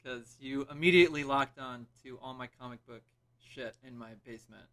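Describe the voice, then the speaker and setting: Comedian guest, bright clear voice, laid back, laughs a lot, on a couch. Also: male voice, medium pitch, brisk. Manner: easygoing, laughs along. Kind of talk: casual podcast chat. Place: couch at home with cats.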